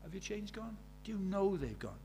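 A man's voice: high-pitched, big pitch swings, moderate pace, warm tone, slight background noise. An older man, preaching a sermon in a conversational way, full of rhetorical questions.

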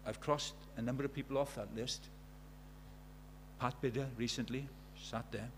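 A man's voice: mid-range voice, fairly even intonation, normal speed, slight background noise. A man preaching a sermon in an earnest way, telling stories and asking his listeners many questions.

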